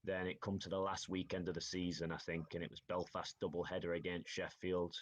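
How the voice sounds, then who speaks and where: Low-voiced man telling stories. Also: level tone, brisk. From Northeast England. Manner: chatty storytelling, says "aye" and "like". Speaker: ice hockey player guest. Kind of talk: casual podcast interview.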